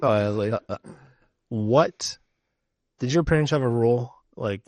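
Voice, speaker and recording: A middle-aged man co-hosting a casual podcast chat, telling stories in an animated way and swearing freely. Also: mid-range voice, a little slow. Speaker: podcast co-host.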